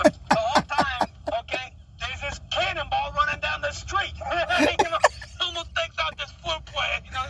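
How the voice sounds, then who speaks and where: A man's voice: very high voice, distant mic, pitched above the performer's own voice. A man voicing a chatty male cab driver with a Boston accent, who rambles and laughs at his own stories. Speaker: taxi driver. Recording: noisy street and traffic, off-mic.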